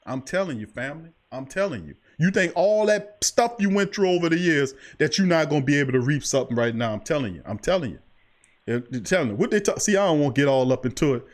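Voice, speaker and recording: A man's voice: a little high, expressive, fast talker. A man hosting a sports talk show, speaking in an impassioned, preachy way and repeating himself for emphasis. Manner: preachy, emphatic, repeats "I'm telling you". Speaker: podcast host.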